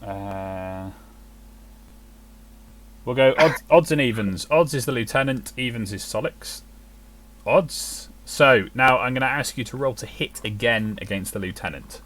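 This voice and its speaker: A man running a tabletop game as game master, narrating the action in a measured way. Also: medium pitch, expressive, fairly bright tone.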